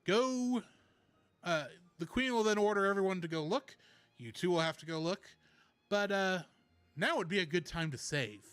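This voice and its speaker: A man's voice: high voice, moderate pace, a bit bright, smooth, dry recording, faint music behind. A man giving casual walkthrough commentary on a video game, explaining with lots of "uh" fillers and answering chat. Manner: chatty, explaining with many "uh" fillers; reads chat messages and replies.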